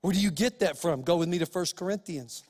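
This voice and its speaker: Guy pastor preaching, high voice, keeps asking the crowd stuff, long reverb like a big hall. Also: brisk, darkish tone. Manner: emphatic, addresses listeners directly with rhetorical questions. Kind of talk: sermon.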